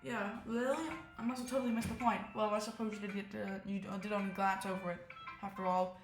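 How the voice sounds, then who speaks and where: A shy, bookish young woman who explains her ideas at length in a soft, careful way, as a woman reads her lines from a visual novel. The room around the voice sounds roomy, and light game music runs faintly underneath. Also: mid-range voice, little pitch movement, fast, close to an everyday voice. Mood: thoughtful. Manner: soft-spoken, thoughtful, long explanations. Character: shy, articulate young woman in a literature club. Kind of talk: reading a visual novel aloud.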